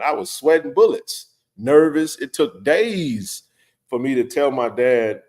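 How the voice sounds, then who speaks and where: A man with a mid-range voice talks to his live audience in a relaxed, rambling way. He restarts sentences often and keeps coming back with "you know what I mean". His delivery is lively and informal, like a host chatting with regulars. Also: medium pitch, normal speed. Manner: animated, conversational, many fillers and restarts. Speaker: livestream host. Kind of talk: casual storytelling to a live chat.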